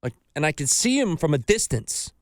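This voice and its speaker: A man's voice: on the high side, moderate pace, no echo. Swearing man telling a story, dry mic. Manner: animated storytelling, acts out voices of others, swears freely. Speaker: podcast host. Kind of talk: casual podcast chat.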